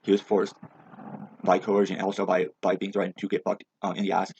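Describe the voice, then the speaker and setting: A man with a deep, gravelly, darkish voice rants angrily, rambling and swearing heavily in an agitated, monotone delivery at a brisk pace. The recording is muffled and lo-fi, with faint hiss.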